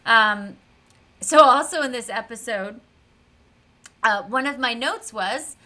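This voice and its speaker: Bright, chatty woman podcast host. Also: fairly high pitch, takes it slowly. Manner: animated, chatty retelling with many fillers. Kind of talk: casual recap of a TV episode.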